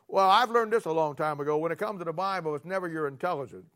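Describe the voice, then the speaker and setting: A man's voice: a little high, lively intonation, quick pace, few pauses, a bit bright. A male pastor, preaching a folksy, sarcastic sermon full of rhetorical questions to his congregation.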